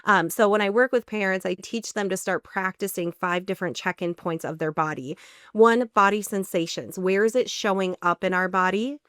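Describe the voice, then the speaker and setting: A woman's voice: mid-range voice, normal speed, a bit bright, clear, resonant tone, dry recording, studio quality. A woman parenting coach, a guest on a podcast interview, explaining her method step by step. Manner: explanatory, lays out steps in order.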